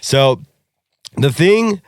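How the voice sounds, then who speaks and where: A man's voice: a little high, big pitch swings, drawn-out words, clear, resonant tone, no room sound, studio quality. A man co-hosting a podcast in casual chat, brash and joking, swearing freely. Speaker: podcast co-host.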